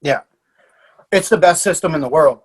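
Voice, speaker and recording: Animated storytelling man, higher voice. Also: normal speed, breathy edge. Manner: lively anecdotes with frequent laughs and fillers. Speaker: martial arts coach. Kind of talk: animated storytelling in a podcast interview.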